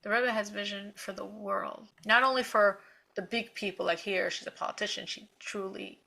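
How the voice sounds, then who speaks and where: A woman hosting a talk, telling a story in an animated, expressive way. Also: medium pitch, normal speed, gravelly. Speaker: host.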